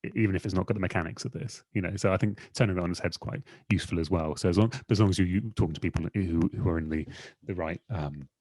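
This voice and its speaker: A man's voice: deep voice, racing, darkish tone, breathy edge, no echo. A man, a guest editor in an interview, talking in a rambling, self-deprecating way with many fillers. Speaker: magazine editor, podcast guest. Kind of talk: casual conversational interview.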